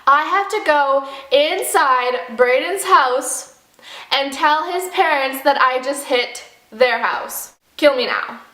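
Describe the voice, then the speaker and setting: A young woman telling a dramatic storytime vlog, acting out the quotes with animated flair. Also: high voice, slow, echoey room. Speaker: vlogger.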